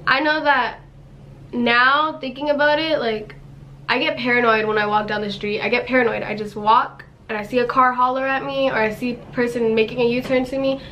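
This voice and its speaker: A woman's voice: fairly high pitch, little pitch movement, fairly quick, sharp tone, muffled recording, slight background noise. A young woman vlogger telling a story in a casual, chatty way, full of fillers, recorded on a camera mic indoors. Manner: chatty, lots of fillers and acted quotes.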